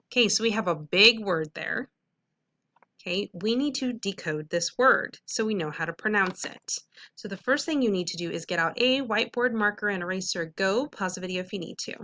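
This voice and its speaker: Woman teacher, bright and clear, patient instructive delivery for a recorded phonics lesson. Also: mid-range voice. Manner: clear, patient, instructive, stretches sounds out slowly.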